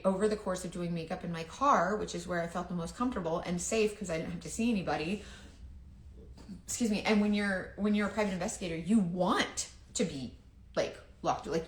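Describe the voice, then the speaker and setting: A woman's voice: lowish voice, reverberant. A woman who chats casually while doing her makeup, rambling, confiding and often trailing off. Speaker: makeup seller and vlogger.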